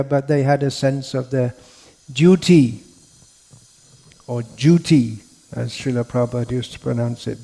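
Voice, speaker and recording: A man giving a scriptural lecture in an unhurried, rambling way, with frequent restarts and fillers. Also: mid-range voice, gravelly, mellow. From India. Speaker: monk lecturer.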